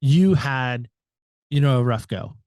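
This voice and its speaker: A man quoting his gruff older father, a former Marine, in an everyday voice close to his own. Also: medium pitch, takes it slowly, darkish tone, no room sound, lightly acted. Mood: earnest.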